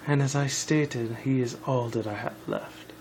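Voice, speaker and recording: A man voicing a weary, proud female changeling queen, speaking slowly and solemnly in a fan reading. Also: mid-range voice, steady tone, a little mellow, slight background noise, close to an everyday voice, rough recording. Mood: pleading.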